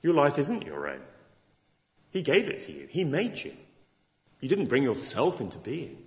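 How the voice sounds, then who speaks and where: A man's voice: medium pitch, huge pitch swings, normal speed. A middle-aged man preaching an evangelistic Christmas sermon, earnest and conversational, voicing imagined objections from his listeners. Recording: long reverb of a large hall.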